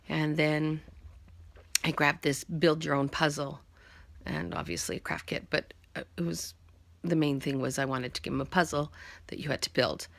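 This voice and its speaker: A woman with a very gravelly, husky voice tells a personal story in a casual vlog. She acts out the dialogue as she goes and often sinks into a hushed whisper. Her tone is low-key and conversational. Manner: often drops to a hushed whisper at tender moments. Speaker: vlogger.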